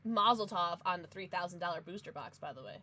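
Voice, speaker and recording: Bubbly streamer woman, lively and bright. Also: fairly low pitch, quick pace. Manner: bubbly, chatty, gushing at chat with sudden squeals. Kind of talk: casual live-stream chat.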